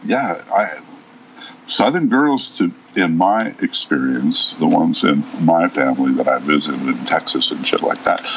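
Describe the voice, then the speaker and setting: Low-voiced guy on a podcast, sarcastic and blunt, kinda muffled lo-fi audio. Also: slight background noise. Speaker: podcast co-host. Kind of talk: casual chat.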